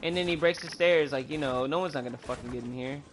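A man's voice: on the high side, fast, a little hiss or hum. A young man doing profane, joking commentary and mock narration over gameplay. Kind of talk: comic gameplay fan dub commentary.

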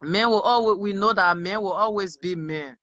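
A caller joining a live stream and speaking in an insistent, repetitive way. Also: male voice, high-pitched, normal speed, sharp tone, no room sound. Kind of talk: casual call-in chat. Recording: dull dry call audio.

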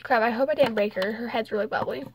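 A woman's voice: a little high, fast, background noise. A young woman hosting a casual home vlog, talking in a rambling way with fillers, trailing off and small giggles. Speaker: channel host.

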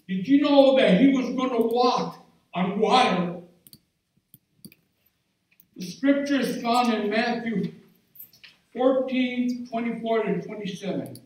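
A male pastor delivers a fervent sermon at an unhurried pace, building to shouts of praise. His voice sits fairly high for a man. The sound carries through a big, echoing church hall, picked up from some distance. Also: lively intonation. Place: church sanctuary. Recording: echoey church hall from far off.

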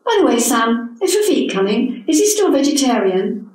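A woman in her seventies reading the part of a harried middle-aged mother, with sharp, clipped retorts. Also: high voice, very animated, moderate pace, voice pushed up. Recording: echoey hall from a distant mic.

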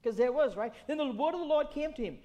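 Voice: high-pitched, lively intonation, fast, warm tone. A pastor preaching a sermon in a conversational way, repeating phrases, asking the congregation questions and checking in with "right?".

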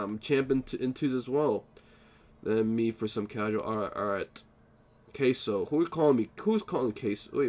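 A man's voice: lowish voice, a little mellow. A tired young man chatting casually with viewers while he plays a live game stream, joking and defending himself. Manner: drowsy, playfully defensive banter.

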